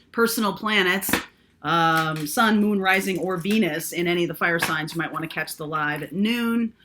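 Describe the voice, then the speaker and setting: A woman's voice: mid-range voice, background noise. A woman doing a casual, chatty tarot reading, thinking aloud with lots of fillers. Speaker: tarot reader.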